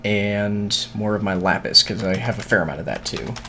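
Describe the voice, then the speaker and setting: A man's voice: on the low side, steady tone, normal speed, pushed and bright, a little hiss or hum. A man streaming a video game, muttering to himself in casual, scattered chatter with frequent swearing and hiccups.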